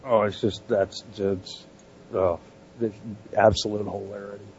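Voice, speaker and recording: A man's voice: lowish voice, little pitch movement, measured pace, a little mellow, slight background noise. A man hosting a talk radio show, bantering casually and laughing often. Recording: dull, husky lo-fi audio.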